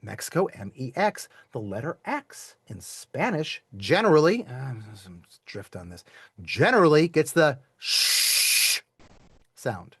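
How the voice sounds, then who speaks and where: A man's voice: fairly high pitch, very animated, slow, sharp tone, husky, no echo, clean studio sound. A man teaching a live online class to children, playful and chatty, quizzing students and asking them to type their answers in the chat.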